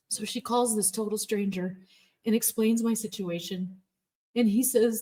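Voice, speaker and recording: A woman's voice: medium pitch, fairly even intonation, a little slow, dark tone, breathy edge. A woman telling her personal story in an emphatic, emotional way, recounting hard years with the odd laugh. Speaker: former Jehovah's Witness telling her story.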